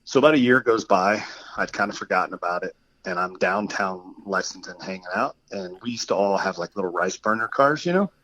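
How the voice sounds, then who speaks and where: This podcast guest speaks with a low-pitched, fairly bright voice, lively intonation, and a fairly quick pace, captured on a rough recording. Chatting casually, he winds through a long personal story full of fillers, performing the voices of whoever he quotes.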